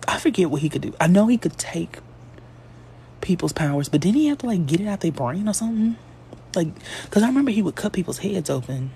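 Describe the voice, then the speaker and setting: Hosting a casual live stream, a man chats with viewers, reading their comments aloud and answering them. His voice is fairly high, gravelly, and a little mellow, with a slight hiss or hum in the audio.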